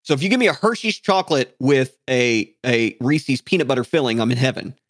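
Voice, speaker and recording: A man's voice: medium pitch, expressive, brisk, no room sound, studio quality. A man co-hosting a podcast, joking around and ranting playfully in casual chat. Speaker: podcast co-host.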